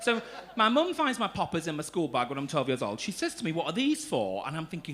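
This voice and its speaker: A man's voice: a little high, huge pitch swings, fast talker, few pauses, a bit bright. A young man doing stand-up comedy on a club stage, teasing the audience in a camp, cheeky manner. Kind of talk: stand-up comedy with crowd work.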